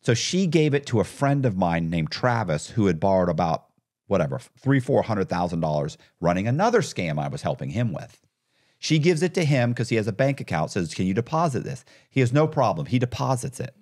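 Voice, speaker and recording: A man talking as a podcast guest, telling his story casually and acting out what other people said. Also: fairly low pitch. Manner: animated, acts out others' lines in quotes. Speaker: podcast guest, former con artist.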